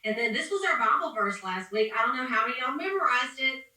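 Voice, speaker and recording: A woman's voice: on the high side, animated, fast talker, bright, forceful tone. A woman leading a motivational sales training call, upbeat, preachy and rambling. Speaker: sales team leader. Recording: echoey room, distant from the mic.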